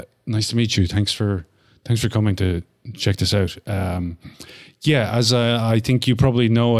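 Man reading a jittery woman official in a rush, halting, low voice. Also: natural voice. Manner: hesitant, full of fillers. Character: nervous woman official in a hurry.

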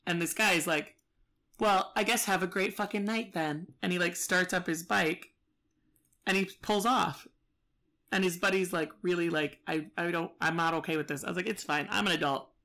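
A woman's voice: fairly low pitch, fairly even intonation, moderate pace, sharp tone. A woman telling a story in casual chat, profane and exasperated, acting out both sides.

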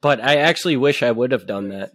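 A podcast host chiming in with short reactions in casual chat. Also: male voice, medium pitch, expressive, quick pace, fairly bright tone, no room sound. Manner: brief reactive interjections.

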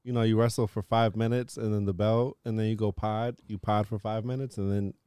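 A man co-hosting a loose, joking podcast, rattling through sponsor lines in a quick list. His voice is smooth and resonant. The close mic sounds dry and free of room sound. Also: fairly low pitch, little pitch movement, dark tone, no echo. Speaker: podcast co-host. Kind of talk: casual podcast banter.

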